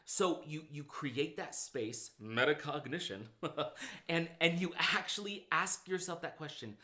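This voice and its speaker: Man, motivational speaker, bright and slightly high voice, acts out his own inner talk when telling a story. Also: unhurried. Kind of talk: casual podcast conversation.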